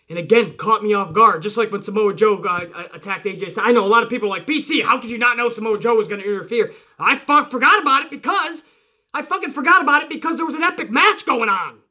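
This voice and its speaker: A man hosting a wrestling review show, recapping matches in an excited, casual way, swearing often and acting out quotes. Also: high-pitched.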